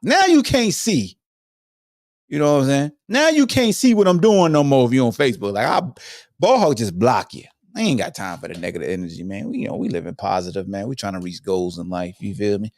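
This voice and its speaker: A man's voice: medium pitch, darkish tone, no room sound, clean studio sound. Slangy, emphatic man hosting a podcast. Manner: slangy, emphatic, mocking asides to listeners. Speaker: podcast host. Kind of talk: casual solo podcast commentary.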